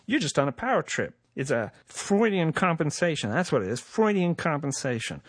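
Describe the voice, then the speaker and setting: A man's voice: a little high, big pitch swings, husky, no echo, clean studio sound, voice pushed up. A man voicing a foul-mouthed, defiant male podcaster who talks back brashly in a comedy sketch. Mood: mocking. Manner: brash, profane and quick-tempered.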